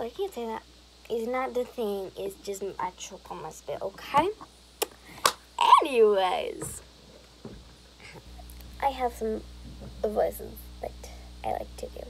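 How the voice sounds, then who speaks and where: A woman's voice: fairly high pitch, vocal fry, a little hiss or hum, low-quality recording. A young woman, vlogging in a giggly, rambling, apologetic way. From Alberta, Canada. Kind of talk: rambling casual vlog chat.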